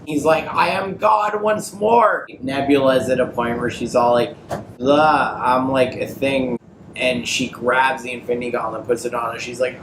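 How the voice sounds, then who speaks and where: A man on a podcast, slightly drunk, retelling a comic plot in loose slang and quick character voices. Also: mid-range voice. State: tipsy. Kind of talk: drunk rambling recap. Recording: roomy echo, clear background noise.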